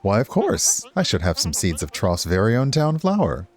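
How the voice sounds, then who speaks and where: A man's voice: lowish voice, wildly swooping pitch, moderate pace, soft background music. A man voicing an elderly, courteous male town mayor in a cosy video game, with old-fashioned politeness. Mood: genteel.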